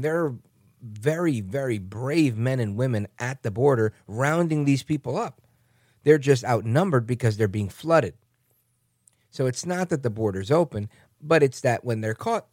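A man hosting a podcast who delivers a political commentary monologue in an animated, sarcastic way. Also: medium pitch, dry recording, clean studio sound. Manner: animated and sarcastic, with mocking asides. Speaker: podcast host.

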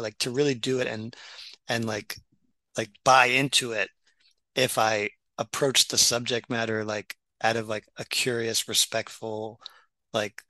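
A man's voice: medium pitch, sharp tone, dry recording, poor audio. A middle-aged man, a doctor and writer, talking casually with many restarts and fillers. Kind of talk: casual podcast conversation.

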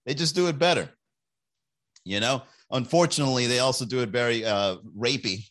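A young man hosting a casual podcast livestream, rambling and joking, and slipping into quick put-on voices. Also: mid-range voice, a bit bright. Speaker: podcast host.

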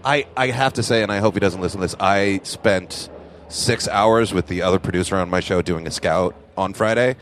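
A man in casual conversation who talks in halting bursts, repeating his words. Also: sits low, a bit bright, a little hiss or hum. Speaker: guest producer. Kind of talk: casual chat.

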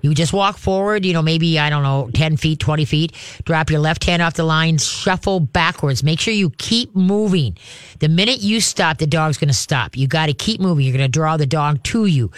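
A man training an owner in dog recall, talking casually and breaking into high, excited calls as he shows how to call the dog. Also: normal speed, no room sound, studio quality. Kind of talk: casual hands-on instruction.

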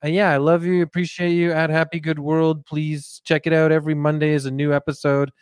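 A man hosting, telling an improvised comic story in a rambling, relaxed way with many fillers. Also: on the high side, fairly quick, smooth, no room sound, studio quality. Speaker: host.

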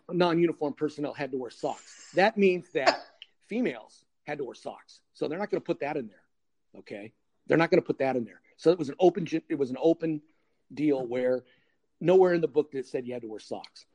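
A man's voice: a little high, dark tone. An older man, a retired detective, telling a blunt, wry anecdote and acting out both sides of the dialogue. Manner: blunt, wry, acts out dialogue with lots of "I go" and "he goes". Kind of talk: casual anecdote storytelling.

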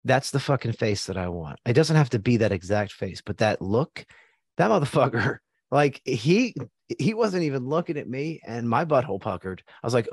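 A man's voice: mid-range voice, sing-song, normal speed, slightly rough, dry recording. An American man hosting a casual sports chat, blunt and joking with plenty of swearing. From United States.

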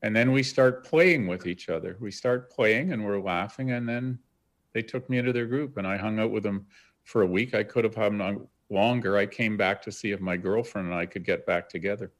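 A Canadian man recounting a story in an interview, animated and acting out the quotes. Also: fairly low pitch, moderate pace. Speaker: guest.

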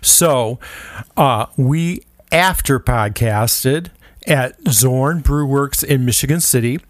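A man co-hosting a food podcast in a small studio, chatting in a relaxed, rambling way with many fillers. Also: mid-range voice, slow pace, no echo. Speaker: podcast co-host. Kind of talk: casual chat.

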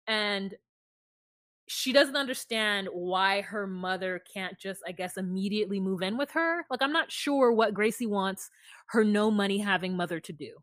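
A woman's voice: medium pitch, normal speed, a bit bright, no echo, studio quality. Woman podcaster retelling scenes. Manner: retells scenes, quoting people. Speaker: podcast co-host. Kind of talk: casual recap chat.

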